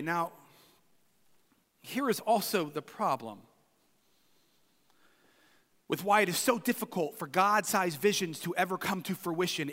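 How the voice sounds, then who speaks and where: Animated, emphatic male pastor. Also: high-pitched. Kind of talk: sermon. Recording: long hall reverb.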